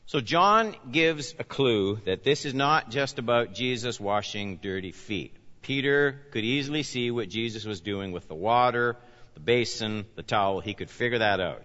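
Man, pastor, bright forceful voice, lively pitch, preaching in a reverberant hall, dull lo-fi recording. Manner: animated preaching, rising and falling emphasis. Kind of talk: sermon.

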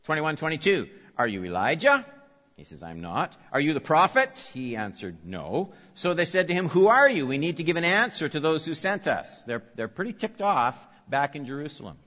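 A man's voice: a little high, sing-song, normal speed, sharp tone. A man preaching an expository sermon, emphatic, repeating key phrases and putting questions to his listeners. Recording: long reverb, dull lo-fi sound.

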